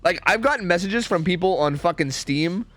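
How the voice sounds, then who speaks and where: Young male streamer, high lively voice, sarcastic and swearing, music faintly behind. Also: moderate pace. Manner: profane, rambling, sarcastic. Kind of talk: casual chat with viewers.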